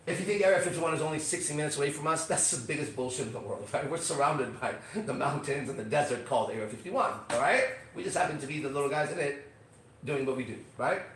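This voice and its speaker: Brash podcast host, man, profane and cocky, bursts of shouting, in a very echoey room. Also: quick pace, distant mic, slight background noise. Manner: brash, swaggering, profane, swings from loud outbursts to low asides. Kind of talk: profane motivational podcast rant. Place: Las Vegas.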